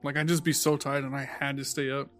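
A man's voice: mid-range voice, little pitch movement, fast talker, a bit bright, soft background music. A young man co-hosting a casual podcast, tired from little sleep, teasing his friends and swearing as he rambles through stories. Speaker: podcast co-host. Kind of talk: casual chat.

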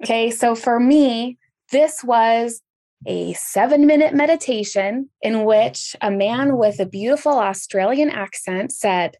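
Animated, higher-voiced woman storyteller. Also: measured pace. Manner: animated storyteller, voice jumps up for emphasis. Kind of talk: casual podcast conversation.

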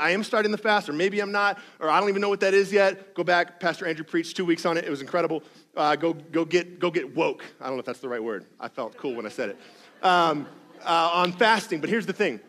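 Man, pastor, sermon, conversational, slightly high voice, emphatic repetition. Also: a bit bright.

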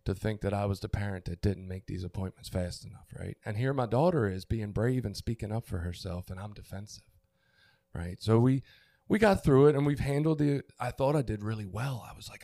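A man's voice: on the low side, a little fast, vocal fry, mellow, no echo, studio quality. A middle-aged man on a podcast, candidly telling a personal story with frequent restarts, getting emotional. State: tearful, emotional. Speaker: podcast co-host. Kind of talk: casual chat.

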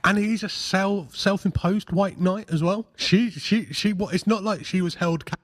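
A man's voice: sits high, moderate pace, dry recording. Hesitant podcast man, dry sound. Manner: hesitant, many restarts and fillers. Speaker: podcast co-host. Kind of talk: casual film podcast chat.

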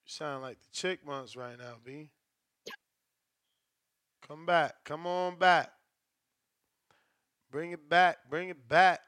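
Smooth high-voiced slangy host. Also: male voice, steady tone, slow, long pauses, a bit bright, dry recording, studio quality. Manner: slangy, profane, joking banter. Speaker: show host. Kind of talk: casual live-stream call-in show.

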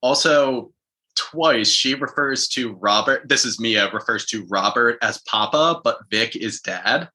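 Bright-voiced animated man co-host. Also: a little slow. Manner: animated, mimics quotes with big pitch jumps. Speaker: podcast co-host. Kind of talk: casual chat.

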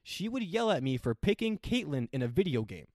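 Young guy ranting a story fast, lots of swearing, slightly high voice, dry sound. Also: no echo. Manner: profane, animated storytelling with quoted dialogue. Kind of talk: casual chat.

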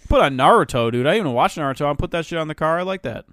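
Man, podcast co-host, lively swinging pitch, dry close sound, cursing, jokey. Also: racing, no room sound. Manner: loud, jokey, swears a lot. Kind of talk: casual podcast banter.

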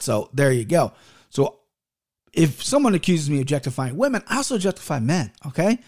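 His voice is a little high with big pitch swings, a darkish tone, and a brisk delivery. A man in his thirties, he hosts a podcast and tells rambling, foul-mouthed stories full of restarts.

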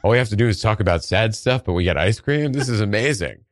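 A man with a very low voice is a guest on a comedy podcast. He talks in an earnest, rambling way, leaning on "like" often. The recording is dry and close. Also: animated, fast talker, no echo. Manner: earnest, chatty, uses many "like"s. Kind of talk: casual comedic podcast chat.

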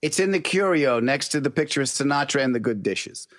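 Animated storytelling man, lively pitch. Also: fairly quick, no room sound, studio quality. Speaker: comedian guest. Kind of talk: casual storytelling.

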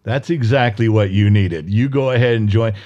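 A man's voice: on the low side, normal speed, warm tone, dull audio. A middle-aged man co-hosting a podcast, chatting casually and acting out quoted family members as he tells stories. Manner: storytelling, acts out quoted voices. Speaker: podcast co-host. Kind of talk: casual chat.

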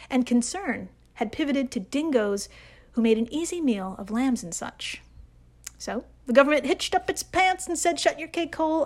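An American woman hosting a science podcast, reading her script playfully with sarcastic jokes and sudden hushed asides. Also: high voice. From United States. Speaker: podcast host.

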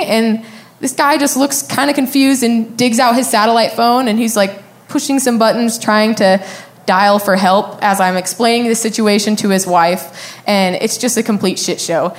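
A woman's voice: a little high, steady tone, moderate pace. Young woman telling a frank, profane story. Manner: candid and profane, laughing through the telling. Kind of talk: casual storytelling.

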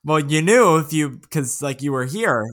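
A man's voice: on the high side, animated, normal speed, fairly bright tone. A man co-hosting a casual sports podcast, who goes through his picks and ribs his co-host in a dry, teasing way.

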